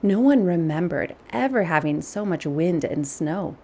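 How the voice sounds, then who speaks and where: Slow, gravelly woman reading a storybook. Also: fairly low pitch, lively intonation, background noise. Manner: gentle, unhurried read-aloud with soft hushed passages.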